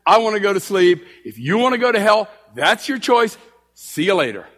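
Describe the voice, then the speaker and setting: A man's voice: high-pitched, normal speed, in a large hall. A male street preacher giving a storytelling sermon in a church, acting out both sides of his conversations. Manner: animated, acts out both sides of dialogue.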